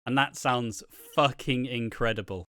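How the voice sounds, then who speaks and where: A soap opera commentator chats loosely about storylines, wandering through his points, acting out quotes and swearing freely. His middling-pitched voice is smooth, clear and a bit bright, at a measured pace, recorded close and dry with no room sound.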